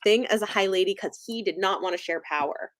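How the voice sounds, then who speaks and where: A woman's voice: medium pitch, fairly quick. A woman in casual live book chat, agreeing often and filling with "like". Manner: lively, lots of "like" and agreeing "yeah". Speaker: book discussion panelist.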